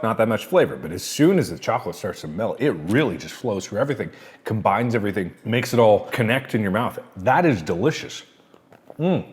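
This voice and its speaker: Male snack-review vlogger, chatty and animated, mid pitch, swinging intonation. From United States. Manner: chatty, animated, rambling with fillers. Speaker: food taste-tester. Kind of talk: casual snack review vlog.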